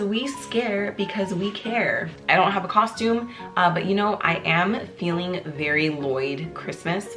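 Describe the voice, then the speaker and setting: Woman vlogger, low pitch, chatty and joking, music playing under her. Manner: bubbly, chatty, jokey, with many fillers. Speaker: YouTuber host. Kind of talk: casual chat to camera. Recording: clear background music under the voice. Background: music playing in the background.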